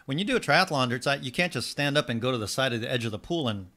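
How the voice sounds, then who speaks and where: A man with a bright, forceful voice chatting as a guest in a radio studio. He tells stories with energy and slips into voices when he quotes people. His pitch is mid-range for a man. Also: racing. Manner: animated storyteller, acts out quotes. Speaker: wellness life coach guest.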